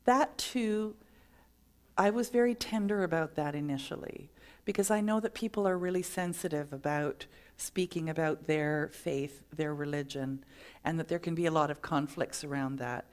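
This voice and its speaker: A woman's voice: deep voice, moderate pace, darkish tone. A middle-aged woman minister giving a sermon, telling stories and acting out the voices in them. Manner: storytelling, acts out quoted voices.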